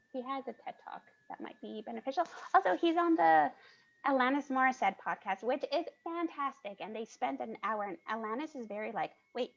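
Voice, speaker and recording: A woman who works as a children's museum consultant, explaining her work on a panel in an animated way and laughing as she talks, over a video call. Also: a little high, vocal fry. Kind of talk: presenting on a panel. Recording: muffled video call audio.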